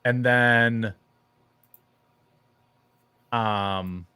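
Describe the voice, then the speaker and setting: A man's voice: medium pitch, steady tone, drawn-out words, sharp tone, smooth, dry recording. A man hosting a casual livestream, rambling and joking with frequent laughter. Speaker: streamer host.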